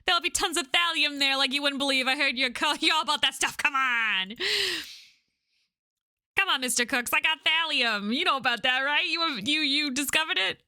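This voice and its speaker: A pushy, eager hawker urges someone on with teasing energy, played by a woman. The voice is pitched high and bright, recorded close and dry. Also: moderate pace, dry recording.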